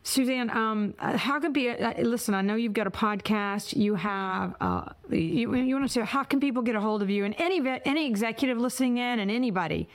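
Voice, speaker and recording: Animated woman podcast host. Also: fairly high pitch, a little fast, few pauses. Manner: animated, emotional storytelling. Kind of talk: conversational interview.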